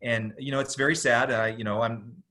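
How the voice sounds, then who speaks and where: A man's voice: medium pitch, steady tone, normal speed, pushed and bright. A middle-aged man tells a story as a podcast guest. His talk is loose and slangy, and he drops "dude" often. His voice rises and falls with the story. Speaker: podcast guest, jiu-jitsu instructor. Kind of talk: casual storytelling.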